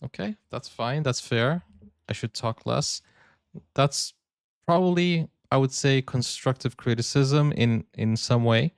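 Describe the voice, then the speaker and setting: A man's voice: medium pitch, measured pace, vocal fry, smooth, no echo, clean studio sound. A man hosting a reaction video, talking casually and acting out little back-and-forth dialogues as he makes his point. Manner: chatty, acts out little dialogues, frequent "like" and "you know".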